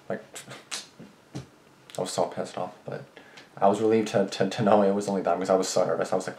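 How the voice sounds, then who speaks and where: Deep fast-talking young man rambling. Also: level tone, gravelly, darkish tone, a little hiss or hum. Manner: rambling, restarts often, swears a lot. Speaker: vlogger. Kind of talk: casual rambling storytelling. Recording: roomy echo.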